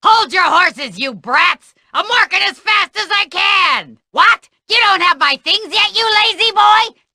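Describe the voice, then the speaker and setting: An actress voicing a crude, grumpy older woman who cooks for a school, yelling at children in a rough, coarse way. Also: very high voice, expressive, a little slow, no echo, exaggerated voice. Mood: impatient. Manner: coarse, grouchy, yelling at kids. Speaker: school cafeteria cook.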